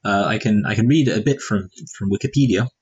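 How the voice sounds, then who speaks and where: A man's voice: lowish voice, fairly quick, darkish tone, lo-fi sound, slight background noise. A married man co-hosting a movie review podcast, chatting casually with wry jokes and meandering asides. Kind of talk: casual chat.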